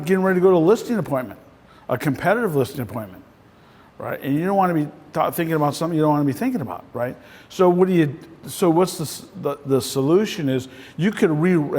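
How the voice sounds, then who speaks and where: Man, real estate coach, casual group talk, husky voice, long room reverb. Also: a little high, a little mellow. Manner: casual and conversational, ends points with "right?".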